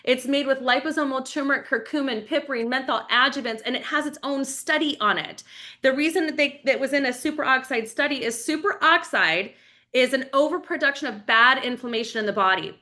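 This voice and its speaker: A woman in her forties giving a fast, enthusiastic, chatty live-stream sales pitch for wellness products. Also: bright, forceful tone. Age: 40s.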